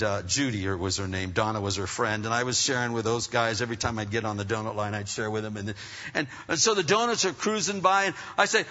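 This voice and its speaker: A middle-aged man preaching through a personal story, rambling and animated with many restarts. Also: medium pitch. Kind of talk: sermon storytelling. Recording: dull, echoey hall sound.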